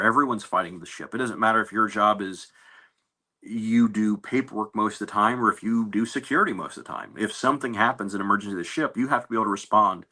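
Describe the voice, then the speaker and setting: A navy veteran man recounts his service in a loose, anecdotal way, pausing on fillers and restarting phrases. His voice sits on the low side but carries a bright, forward tone. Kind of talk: casual interview storytelling.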